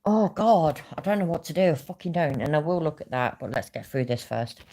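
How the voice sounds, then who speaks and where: Woman, very low pitch, angry swearing rant, livestream host. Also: lively intonation, a little fast, dark tone.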